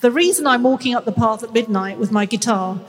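A woman's voice: a little high, a little fast. A woman in her sixties with a nasal North London accent, a guest author chatting frankly and reading from her memoir in a self-mocking way. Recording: long hall reverb.

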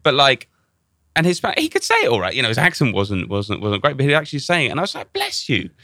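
Lively bright-voiced man chatting. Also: medium pitch, quick pace, no echo, clean studio sound. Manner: animated storytelling with many restarts. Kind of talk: casual chat.

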